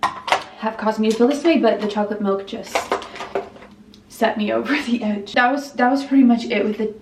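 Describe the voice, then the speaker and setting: A woman's voice: a little high, moderate pace, far from the mic, noisy background. A young pregnant woman telling an emotional story in a vlog while doing her makeup, with quoted dialogue. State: pregnant, weepy. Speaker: family vlogger. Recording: roomy echo, voice off-mic.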